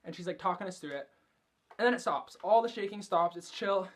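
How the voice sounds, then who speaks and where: Husky young man telling a story. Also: sits high, brisk. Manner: chatty, profane, filler-heavy. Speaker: vlogger. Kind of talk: casual storytelling.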